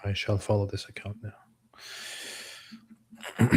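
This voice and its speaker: A man with a fairly low voice gives live commentary on court footage. He talks in a deliberate, measured way and restarts some phrases. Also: fairly even intonation, darkish tone. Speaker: co-host of a live stream.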